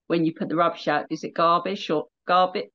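Middle-aged Southern English woman, radio DJ guest; chatty storyteller, low-ish voice, dull lo-fi call audio. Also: steady tone, a little fast, sharp tone. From England, near London. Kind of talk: casual chat.

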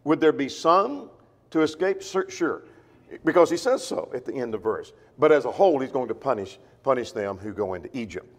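A man teaching a verse-by-verse Bible class, reading scripture slowly and with emphasis, then explaining it in a conversational way. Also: mid-range voice, very animated, in a large hall. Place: church.

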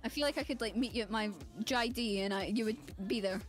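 A Scottish woman with a bright, high voice chats over a voice call while gaming, giggly and animated. She laughs easily. Soft game music plays faintly behind her. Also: fairly quick. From Scotland. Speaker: gamer. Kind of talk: casual chat while gaming.

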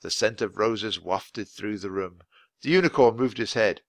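A man reading a children's book aloud at a clear, natural pace for language learners. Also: lowish voice, no echo. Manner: clear, deliberate storytelling for learners. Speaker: audiobook reader.

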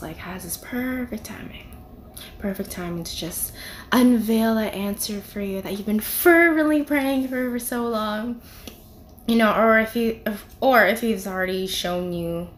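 A woman's voice: mid-range voice, measured pace, a little hiss or hum. A young woman giving a casual devotional talk, conversational and full of "you know" and "like". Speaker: devotional video speaker.

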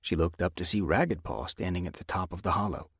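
A man narrating a children's animal novel as an audiobook, with expressive storytelling. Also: low-pitched, a little fast, husky, no room sound, clean studio sound. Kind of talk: scripted narration.

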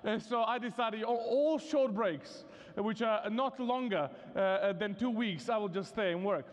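High-voiced Serbian-accented preacher in a reverberant hall. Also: male voice, moderate pace, lo-fi sound. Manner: conversational and humorous, many "you know" fillers. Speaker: guest preacher. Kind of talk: sermon. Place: chapel hall at a university vespers service. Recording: long reverb of a large hall.

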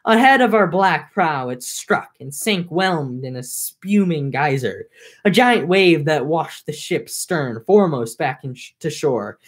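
A woman's voice: low voice, expressive, unhurried, husky. A young woman reading an ancient epic aloud, breaking off for casual, filler-heavy commentary. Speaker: reader.

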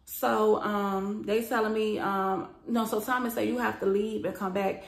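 A young woman telling a profane storytime vlog, acting out the quoted lines loudly and with lots of emotion. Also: mid-range voice, unhurried, gravelly, roomy sound. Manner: animated, profane, acts out quoted lines with rising loudness.

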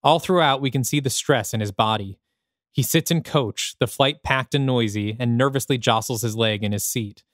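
A man's voice: medium pitch, moderate pace, a bit bright, no room sound, clean studio sound. A man, the host of a podcast, reading his own screenplay aloud with dramatic, descriptive present-tense narration.

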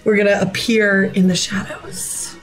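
A woman's voice: medium pitch, unhurried, faint music behind, rough recording. A woman playing a tabletop game, talking casually and laughing between bursts. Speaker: player.

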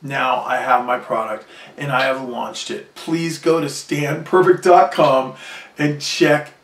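A man's voice: medium pitch, steady tone, slow pace, fairly bright tone. A man delivering a proud, boastful self-promotional vlog monologue about his invention. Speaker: inventor and vlogger. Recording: echoey room, distant from mic.

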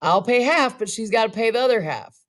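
A woman's voice: lively intonation, brisk, close to an everyday voice. Woman reader doing a cracked old rancher, distraught, raw. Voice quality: cracked, high and strained. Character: cracked-voiced grieving old father.

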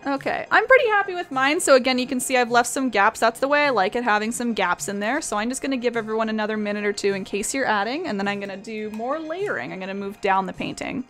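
A woman's voice: fairly high pitch, animated, fast, hardly any pauses, a bit bright, soft background music. A young woman from Canada chatting casually with her live-stream audience as she paints, reading messages aloud and laughing often. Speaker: art streamer.

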